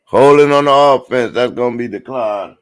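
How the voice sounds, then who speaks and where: Smooth and mid-range, this man's voice moves at a moderate pace as he gives relaxed live play-by-play. He talks directly to viewers in slang, erupting into loud exclamations on major plays.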